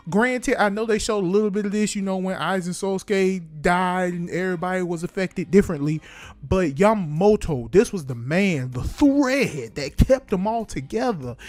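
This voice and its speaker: A young man casually reviewing an anime episode, with animated, slangy delivery. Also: high-pitched, a little slow, dry recording, soft background music. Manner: animated, slangy, acts out scenes.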